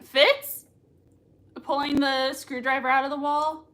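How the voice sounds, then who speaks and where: A woman hosting a live watch-party reaction, gushing excitedly, laughing often and reading out chat comments. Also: sits high, unhurried. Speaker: livestream reaction host.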